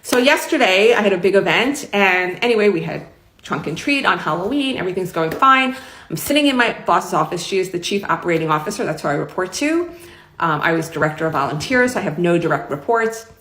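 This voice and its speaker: A woman's voice: fairly low pitch, lively intonation, brisk, a bit bright. A middle-aged woman with a New York accent tells a long personal story to the camera in a chatty, rambling, emphatic way. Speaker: vlogger. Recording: roomy echo.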